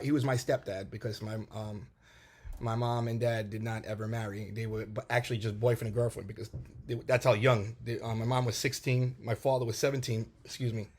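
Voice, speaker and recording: Man telling a personal story, animated. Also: medium pitch. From New York, USA. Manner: animated storytelling with many restarts and fillers. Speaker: vlogger telling a personal testimony. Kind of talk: casual spoken testimony.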